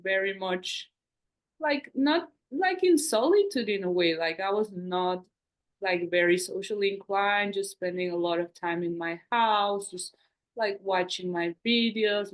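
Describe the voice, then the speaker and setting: A woman co-hosting a podcast, talking in a reflective, rambling way with many fillers. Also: medium pitch. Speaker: podcast co-host. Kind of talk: casual conversational podcast chat.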